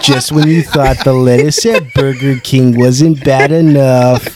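A man doing an impression of a dramatic countdown-video narrator, with a drawn-out, announcing delivery. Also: medium pitch, fairly even intonation, lightly acted. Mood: mock-dramatic. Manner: drawn-out, announcing delivery, louder than his own talk.

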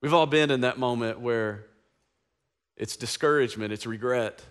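A man's voice: mid-range voice, normal speed, clear, resonant tone. A male pastor preaching a sermon in a casual, slangy, conversational way with frequent asides to the congregation.

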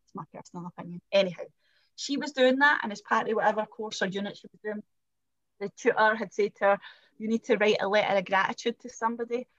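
A middle-aged Scottish woman chatting as a podcast guest, telling animated stories with acted quotes and swearing. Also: mid-range voice, fast, no echo, muffled recording. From Scotland. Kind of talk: casual chat.

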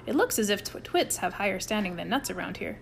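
A woman voicing a dry, deadpan, clever teenage boy who speaks in an understated way. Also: medium pitch, fast, creaky, slight background noise.

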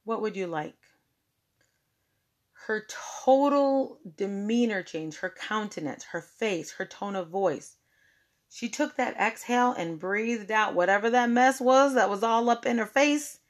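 Slow-talking woman telling a story. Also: on the high side. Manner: chatty, expressive, says "like" often. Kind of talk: personal storytelling.

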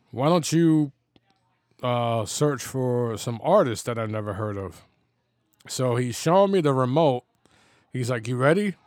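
Hombre de cincuenta años, voz seca. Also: male voice, mid-range voice, darkish tone, no echo, clean studio sound. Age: 50s. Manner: rambling, laughs often, many restarts. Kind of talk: casual personal storytelling. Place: home.

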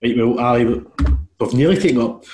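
A Scottish man hosting a relaxed podcast interview. He meanders through his questions with plenty of fillers and an easygoing manner. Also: medium pitch, fairly quick, background noise. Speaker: podcast host. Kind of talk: casual interview.

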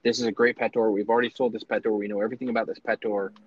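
A man, a small business owner, telling his story in casual, animated talk with lots of fillers and restarts. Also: fairly low pitch, very fast, no echo. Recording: dry, slightly dull lo-fi sound.

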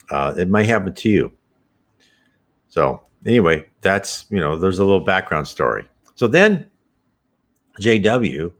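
A man with a very low voice explains spiritual teachings in a loose, conversational way. He is earnest and explanatory and lifts his voice now and then to stress a point. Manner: earnest, explanatory, animated emphasis. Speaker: spiritism presenter.

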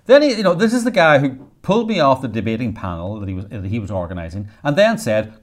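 A man co-hosting a casual podcast chat, telling stories in an animated way and mimicking the people he quotes. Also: medium pitch, quick pace, hardly any pauses. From Ireland. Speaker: co-host, filmmaker.

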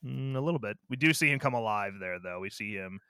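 A man co-hosting a casual movie review podcast, talking in an animated, sarcastic way and swearing freely. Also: on the low side, quick pace, clean tone, no echo, clean studio sound. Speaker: podcast co-host.

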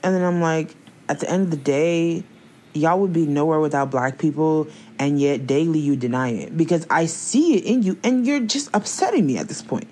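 Young woman, low voice, casual chat, emphatic, slangy, ranting. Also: lively intonation, normal speed, warm tone.

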